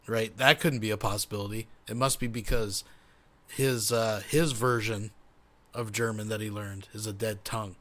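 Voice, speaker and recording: Man, low voice, reaction host, sarcastic, profane commentary. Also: steady tone, moderate pace, fairly bright tone. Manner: mocking, profane asides.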